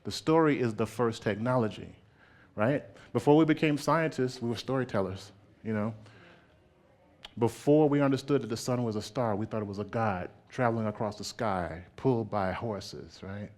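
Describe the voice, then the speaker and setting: A man giving a public artist talk in an animated way, laughing often and checking in with "right?". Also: fairly low pitch, moderate pace.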